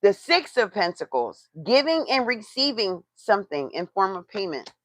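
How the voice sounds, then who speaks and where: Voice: mid-range voice, big pitch swings, moderate pace, a bit bright, dry recording. A tarot reader doing a live reading, blunt and profane, who swears for emphasis and talks straight to the chat.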